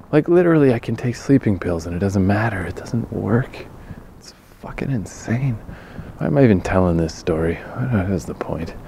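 A man's voice: lowish voice, lively intonation, normal speed, a little mellow, slight background noise. A tired man hosting his own podcast, rambling on his own, self-deprecating and swearing often. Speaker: podcast host. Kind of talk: rambling solo monologue.

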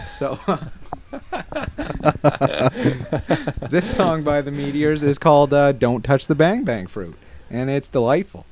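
A man's voice: a little high, animated, takes it slowly. A man presenting songs as a music guest on a radio show, enthusiastic and rambling. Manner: enthusiastic, rambling, laughs a lot. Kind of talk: casual radio chat. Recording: noisy recording.

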